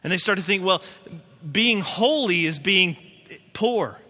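A man's voice: high-pitched, animated, a little slow, sharp tone, long reverb tail. A male pastor preaching a sermon in a conversational way, acting out quotes and voices as he goes.

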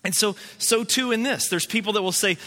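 A man's voice: high-pitched, a little fast, bright, forceful tone, in a large hall. A male pastor preaching a sermon in a conversational way, acting out quotes and voices as he goes.

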